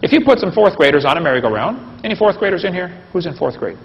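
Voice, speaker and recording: A somewhat high-pitched man with a gravelly edge lectures a live audience in a folksy, joking way and keeps asking them questions. The recording is dull and lo-fi, and his voice rings with a long hall reverb. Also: very animated, fast talker. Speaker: creation science lecturer.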